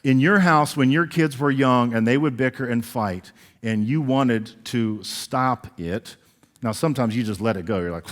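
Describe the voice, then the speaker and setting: A man preaching a sermon as pastor, animated and acting out the voices he quotes. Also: mid-range voice, moderate pace. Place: church sanctuary. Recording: long reverb of a large church hall.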